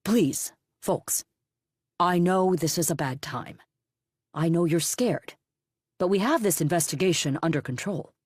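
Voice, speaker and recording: A woman's voice: fairly low pitch, animated, a little slow, darkish tone, husky, dry recording, clean studio sound. Woman reading as a curt, hostile police captain. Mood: stern. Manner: curt, commanding and dismissive.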